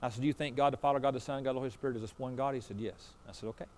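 A man's voice: medium pitch, fairly even intonation, rapid-fire, darkish tone. A man preaching a sermon as pastor, telling a story in a folksy way and acting out both sides of a conversation. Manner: folksy, repeats "I said" and "he said".

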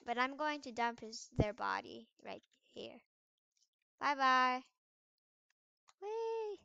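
A young woman with a high, bright voice talks slowly and playfully through an online game, often breaking into excited exclamations. Her voice is very clear and close, with a dry sound. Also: no room sound, lo-fi sound. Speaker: gamer. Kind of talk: casual gameplay commentary.

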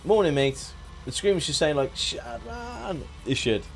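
A man's voice: mid-range voice, animated, moderate pace, soft background music. A man chatting casually on a live game stream, joking, laughing and thanking viewers by name.

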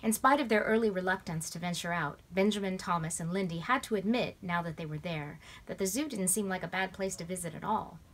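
Expressive female storybook reader, lowish voice. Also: fairly quick, few pauses. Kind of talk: reading a children's novel aloud. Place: at home in bed.

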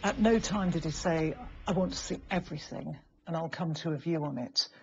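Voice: medium pitch, fairly quick, vocal fry. A former programme journalist answering interview questions in a reflective, hesitant way. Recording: slightly dull, faint background hiss.

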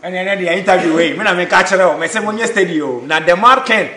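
A man's voice: high-pitched, fast, crowd noise. A man interviewing, chatty and laughing, mixing Twi and English. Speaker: street interviewer. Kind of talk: casual interview chat. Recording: roomy echo.

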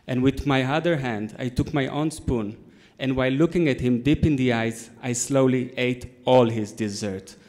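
Deadpan man telling a story. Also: mid-range voice, moderate pace, few pauses. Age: 30s. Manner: deadpan storytelling with comic timing. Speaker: conference speaker. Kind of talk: storytelling talk to a conference audience. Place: conference hall.

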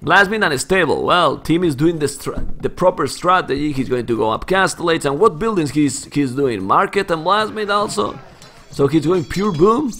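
Spanish-accented guy casting a game live, high voice that jumps all over, gets worked up, keeps saying man. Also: animated, normal speed, sharp tone. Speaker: game caster.

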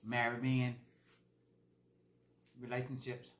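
A woman's voice: rumbling low, monotone, slow pace, reverberant. A woman vlogger talking casually while she eats, chatty and repeating herself for emphasis. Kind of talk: casual mukbang chat.

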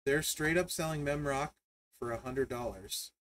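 A man hosting a live stream, telling family stories in a casual, animated way, laughing often and reading chat aloud. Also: mid-range voice, normal speed. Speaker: livestream host.

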